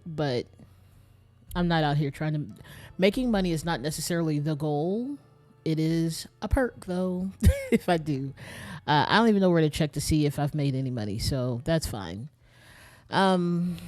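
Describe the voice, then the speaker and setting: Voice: mid-range voice, a little mellow. A young adult game streamer, a bit tired and short of breath, rambling in casual chat straight to viewers while playing.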